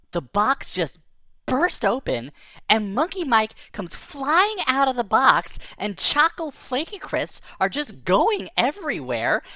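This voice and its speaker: A woman telling a kids' tall tale in the first person, lively and rambling, with playful sound effects. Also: medium pitch, no echo. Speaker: storyteller.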